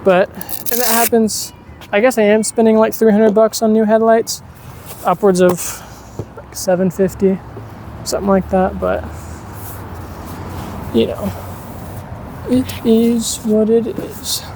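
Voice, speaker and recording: A car owner talking casually through a DIY vlog beside their car outdoors, gushing and exclaiming with drawn-out words. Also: mid-range voice, little pitch movement, darkish tone, slight background noise.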